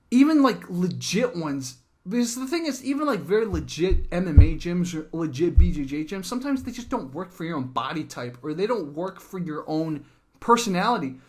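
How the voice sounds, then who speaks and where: A man hosting a casual interview over a call, talking in an animated, rambling way with plenty of fillers. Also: sits high, normal speed. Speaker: host.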